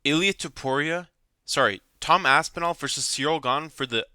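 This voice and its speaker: Young guy ranting bout mma, bright sharp voice, dead dry room, keeps swearing. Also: a little high, normal speed, few pauses, no echo. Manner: angry, swearing, repeats himself. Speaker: MMA commentator. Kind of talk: ranting fan commentary.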